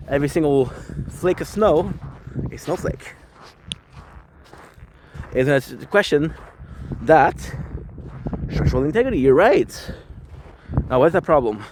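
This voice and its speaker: Male vlogger, mid pitch, loose and profane, self-filmed outdoors with faint traffic noise. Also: a little mellow. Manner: rambling, profane, self-reflective. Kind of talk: casual vlog monologue. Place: outdoors on a skateboard in the snow. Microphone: handheld camera, self-filmed. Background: faint street ambience and passing cars.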